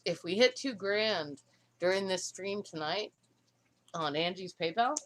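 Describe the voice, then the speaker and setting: A woman co-hosting a livestream, talking in a halting, emotional way with many restarts. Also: lowish voice, animated, fairly bright tone. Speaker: livestream co-host. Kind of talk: casual livestream chat.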